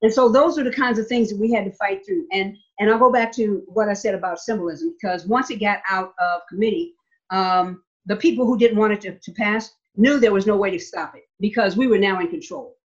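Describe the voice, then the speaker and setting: A woman's voice: medium pitch, a little fast. A woman state legislator telling a story in an interview, emphatic, repeating words and checking in with "okay?". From Nevada. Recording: slightly dull lo-fi sound.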